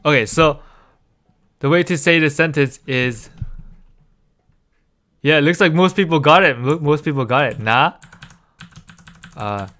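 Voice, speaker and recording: A man's voice: fairly high pitch, unhurried, pauses often, fairly bright tone. A young man from Canada, teaching Korean in a casual, chatty livestream and laughing often. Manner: chatty, laughs often, reads chat aloud.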